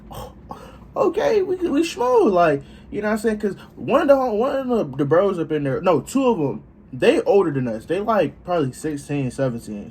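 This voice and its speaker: A young man casually telling a story in a vlog, profane and animated, acting out what people said. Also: mid-range voice, slight background noise. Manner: animated, profane, acts out dialogue. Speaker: vlogger.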